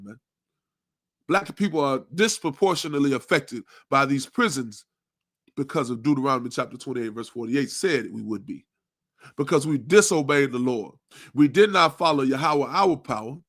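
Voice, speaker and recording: A man teaching a Bible class in a forceful preaching style, asking rhetorical questions and ending nearly every sentence with "man" or "you understand?". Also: mid-range voice, expressive, normal speed, no room sound, clean studio sound.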